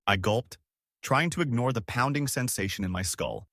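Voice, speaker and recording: A young man narrating a horror story in a dramatic, expressive way. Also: mid-range voice, normal speed, no echo, clean studio sound. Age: young adult.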